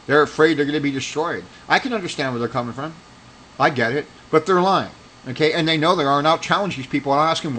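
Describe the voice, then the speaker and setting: A man's voice: fairly high pitch, fast, fairly bright tone, a little hiss or hum, low-quality recording. A man giving a casual religious commentary monologue, rambling and argumentative, with heated accusing stretches. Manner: rambling with restarts.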